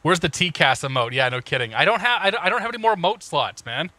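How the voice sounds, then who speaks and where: A man's voice: on the high side, lively intonation, fast talker, pushed and bright, dry recording. A man casually talking through cockpit checklists on a live stream, joking and greeting chat viewers as he goes. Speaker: flight sim streamer.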